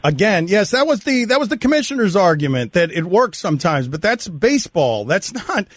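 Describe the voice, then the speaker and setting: A man hosting a radio show, reading promos and arguing his points forcefully with a guest. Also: sits high, big pitch swings, a little fast, dry recording, clean studio sound. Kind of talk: radio talk and interviewing. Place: radio studio.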